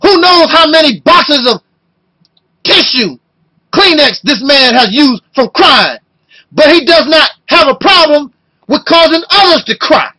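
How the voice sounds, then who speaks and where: A man in his fifties delivering an impassioned video rant, talking loud and emotional and firing off rhetorical questions. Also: extremely high pitch, sing-song, unhurried, rough recording. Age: 50s. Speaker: video blogger.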